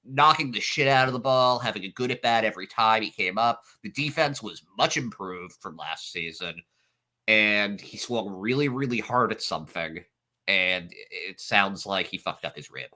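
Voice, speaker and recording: A man's voice: lowish voice, animated, moderate pace, bright, forceful tone. A man co-hosting a sports podcast, giving a matter-of-fact, detailed rundown. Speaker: podcast co-host. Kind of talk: casual sports chat.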